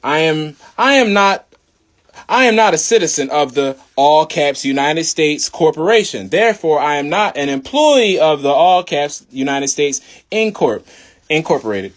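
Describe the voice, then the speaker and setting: A young man in a casual, slangy monologue, preaching about spirit and law, swinging between loud bursts and low mutters. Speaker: video host.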